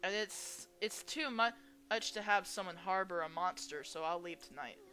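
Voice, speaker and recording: A woman voicing an anxious young female monster who speaks softly and puts herself down, reading a visual novel aloud. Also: fairly low pitch, normal speed. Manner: soft, self-deprecating.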